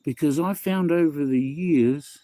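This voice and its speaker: Man, New Zealand accent, middle-aged, mellow voice, dry close phone sound, rambling casual chat. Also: a little high, unhurried, no echo. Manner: rambling, repeats himself, reads chat aloud, says bro and eh. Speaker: livestream host. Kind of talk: casual livestream chat with viewers.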